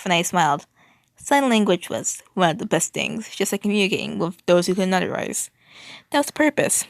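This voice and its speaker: A woman reading a fan fiction story aloud, often tripping over words and restarting. Her voice is low-set and gravelly, and the sound is dry and close. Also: dry recording. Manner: stumbling, restarting, wry.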